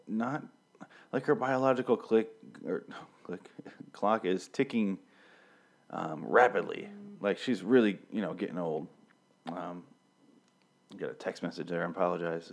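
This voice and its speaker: A man's voice: on the low side, darkish tone. A man in his thirties hosting a solo review show into a studio mic, rambling and irreverent, with frequent swearing. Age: 30s. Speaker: podcast host reviewing a TV show. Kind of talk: casual, profane solo commentary. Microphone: studio mic with pop filter.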